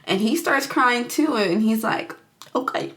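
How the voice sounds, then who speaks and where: A young woman recapping a film in a chatty, casual way. She is animated and quick to act out the characters' lines in her own voice, full of asides and reactions. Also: on the high side. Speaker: movie reviewer.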